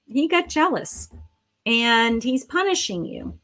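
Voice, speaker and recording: A woman's voice: fairly high pitch, unhurried. A middle-aged woman, a psychic, giving live tarot readings to viewers in a chatty, affectionate way, thinking aloud with frequent ums and restarts. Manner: chatty, affectionate, calls viewers sweetheart and honey.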